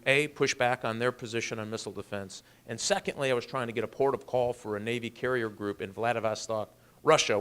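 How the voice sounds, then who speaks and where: A man's voice: medium pitch, fairly bright tone. A man, a congressman, giving a political speech with earnest storytelling and emphatic rises.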